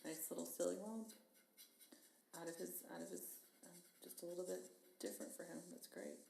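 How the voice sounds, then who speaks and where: A woman's voice: on the low side, steady tone, brisk, vocal fry, mellow. A woman guest in casual chat, enthusiastic and chatty, thinking aloud with fillers. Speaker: podcast guest. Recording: echoey room with faint hiss.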